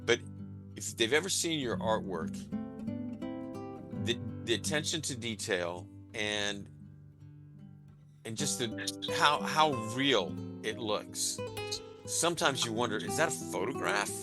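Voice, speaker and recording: A man hosting a podcast interview, speaking reflectively and slowly with restarts. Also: medium pitch, lively intonation, music in the background. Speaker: podcast host. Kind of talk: casual interview chat.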